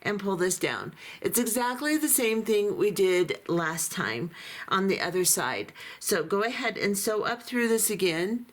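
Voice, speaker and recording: A woman giving a calm, methodical beading tutorial, talking through each step as she works, her voice a little hoarse. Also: mid-range voice, measured pace. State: voice going hoarse. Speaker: beading instructor.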